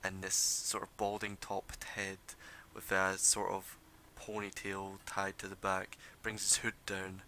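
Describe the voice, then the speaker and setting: A man narrates a tabletop game as its game master, meandering through descriptions with plenty of fillers. His voice sits fairly low but has a bright, tense edge. There is a faint hiss under the recording. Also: unhurried, few pauses. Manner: relaxed, rambling description full of fillers.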